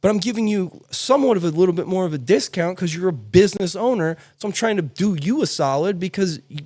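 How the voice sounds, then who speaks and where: A man's voice: high voice, quick pace. A man hosting a podcast, telling stories in a blunt, casual way and swearing freely. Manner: animated, blunt storytelling with swearing. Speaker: podcast host. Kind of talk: casual chat.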